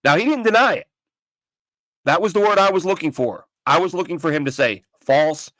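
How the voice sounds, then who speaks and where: A man's voice: fairly high pitch, lively intonation, a little fast, a bit bright, dry recording. A man hosting a casual sports talk show from home, opinionated and rambling, with frequent restarts. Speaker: podcast host. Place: home studio with his dog nearby.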